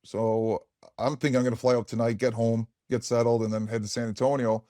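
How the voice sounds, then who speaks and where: A man's voice: medium pitch, little pitch movement, brisk, warm tone, no echo, studio quality. A man in his forties, a former hockey player, telling stories on a podcast in a frank, rambling way full of fillers and swearing. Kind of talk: casual podcast storytelling.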